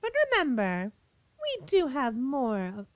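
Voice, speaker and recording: A woman's voice: high-pitched, wildly swooping pitch, takes it slowly, a little hiss or hum. A woman hosting a let's play, commentating in a theatrical, mock-villainous, playful way. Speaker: gaming host.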